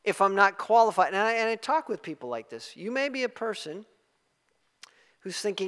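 Man, preacher, high bright voice, emphatic sermon, long reverb from a big hall. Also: animated, moderate pace, smooth. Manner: emphatic, rising to loud exclamations.

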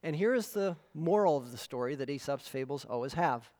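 A man's voice: a little high, expressive, a little fast, a little mellow. A man preaching a sermon as pastor. He speaks earnestly and emphatically and tells stories to his congregation. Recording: long hall reverb.

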